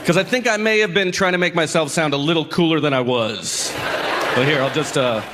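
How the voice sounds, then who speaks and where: A man's voice: a little high, fairly quick. A man doing self-deprecating, mock-earnest stand-up about his teenage years on a club stage. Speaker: stand-up comedian. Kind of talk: stand-up comedy, deadpan storytelling. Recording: live recording with audience noise.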